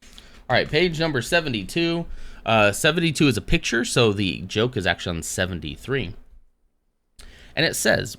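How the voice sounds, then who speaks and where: A man's voice: medium pitch, sing-song, normal speed, long pauses, a bit bright. A man hosting a casual live stream, rambling along between dad jokes. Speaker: livestream host.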